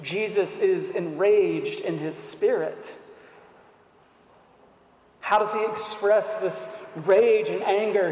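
A man's voice: high-pitched, darkish tone. Earnest man preaching in an echoey hall. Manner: earnest, deliberate, rhetorical questions. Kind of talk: sermon.

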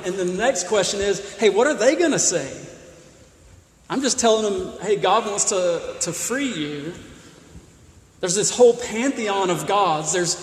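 A man preaching a sermon, emphatic, often repeating and restarting words as he stresses his points. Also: high-pitched. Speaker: pastor. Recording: roomy hall with long reverb.

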